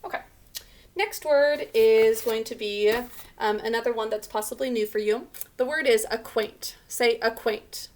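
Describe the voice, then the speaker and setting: A woman's voice: a little high, a little slow. A woman teaching a remote spelling lesson to children, patiently sounding out words letter by letter.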